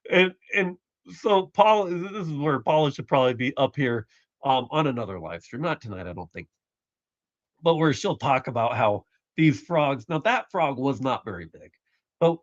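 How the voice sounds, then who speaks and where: A man's voice: fairly high pitch, lively intonation, normal speed, no room sound. A man from Canada hosting a casual live stream, rambling and correcting himself as he chats, often chuckling. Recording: dull, dry lo-fi sound.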